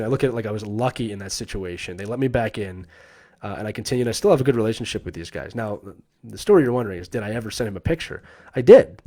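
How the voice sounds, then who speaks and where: A man in his thirties tells a personal story on a live stream in a casual, animated way. His pitch sits in the middle but swings widely, and he slips into the voices of the people he quotes, often with a laugh. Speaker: host telling a personal story.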